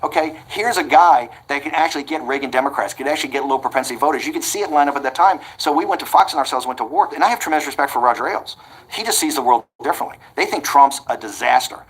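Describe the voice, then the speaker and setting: Fast-talking blunt man in his sixties. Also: mid-range voice, breathy edge, rough recording. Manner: blunt, combative, restarts and repeats words. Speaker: interview guest. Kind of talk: animated interview storytelling.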